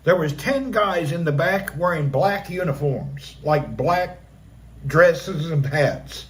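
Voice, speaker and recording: A middle-aged man tells a story on his own live stream, his voice sitting noticeably high for a man. He narrates in an animated way and punches up the action with vocal sound effects. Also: takes it slowly. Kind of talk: dramatic personal storytelling.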